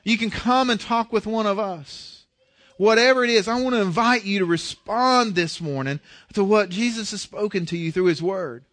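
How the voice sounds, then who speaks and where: Earnest high-voiced male pastor preaching. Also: normal speed, fairly bright tone. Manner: earnest, repeats words when starting sentences. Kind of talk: sermon.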